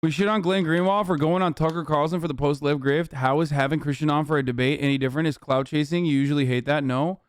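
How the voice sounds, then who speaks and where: Man, young adult, streamer, heated profane ranting, slightly high voice, dry close sound. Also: steady tone, quick pace, hardly any pauses, clear, resonant tone, no room sound. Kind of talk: casual reaction stream commentary.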